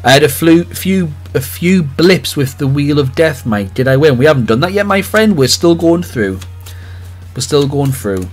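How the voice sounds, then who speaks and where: Livestream host, man, higher voice, very animated delivery, faint background music. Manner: excitable, jokey, rapid swings between loud cheers and quiet mutters. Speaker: livestream host opening trading cards. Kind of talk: lively live-stream chat with viewers.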